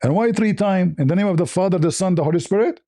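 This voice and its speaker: Debate host, male, slightly high and mellow voice, mocking, argumentative, keeps firing rhetorical questions. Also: quick pace. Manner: argumentative, mocking, with frequent laughs; repeats points with rhetorical questions. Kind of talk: online religious debate.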